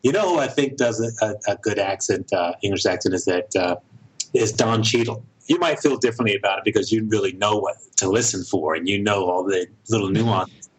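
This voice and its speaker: A middle-aged American man, a director and producer, talks thoughtfully in a casual interview, often pausing and restarting his sentences. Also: lowish voice, breathy edge, rough recording. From United States. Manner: thoughtful, halting, with frequent restarts.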